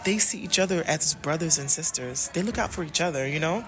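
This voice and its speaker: Animated, emphatic woman vlogger from the States. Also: low-pitched, brisk, soft background music. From United States. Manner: animated and emphatic, repeats phrases, talks straight to viewers. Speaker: travel vlogger and love coach. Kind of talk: casual vlog chat.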